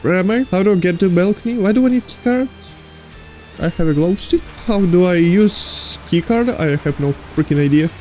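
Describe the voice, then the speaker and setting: High-voiced man talking through a horror game. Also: expressive, brisk, mellow, faint music behind. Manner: talks to the game's creatures, jokey and easily startled. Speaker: gaming streamer. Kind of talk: let's play commentary.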